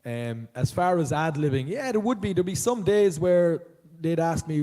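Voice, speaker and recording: A man with an Irish accent speaks at a live convention panel in a large auditorium. His voice is warm and relaxed, and he tells his stories with energy, often jumping into the voices of the people in them. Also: on the high side, moderate pace, hardly any pauses. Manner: animated storyteller, jumps into voices of others. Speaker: panel guest, voice actor.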